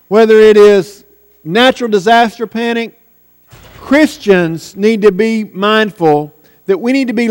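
A man's voice: high voice, smooth, big-room sound. A man preaching a sermon earnestly, with rising and falling emphasis.

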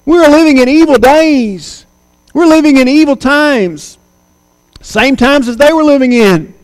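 High-voiced preacher, emphatic. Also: male voice, expressive, dry recording, long reverb tail, low-quality recording. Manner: preaching with slow emphatic phrases and dramatic quoted voices. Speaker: pastor. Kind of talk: sermon.

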